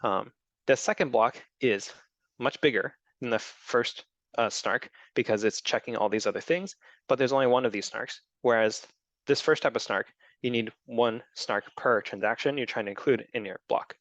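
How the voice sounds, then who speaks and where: A man's voice: mid-range voice, normal speed, a bit bright, dry recording. A man giving a technical talk, explaining step by step with frequent ums and restarts. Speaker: presenter. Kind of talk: technical talk with audience questions.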